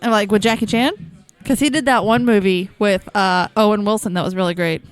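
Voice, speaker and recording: Quick, playful woman asking questions. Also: medium pitch, fairly even intonation. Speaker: podcast co-host. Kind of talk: casual movie chat.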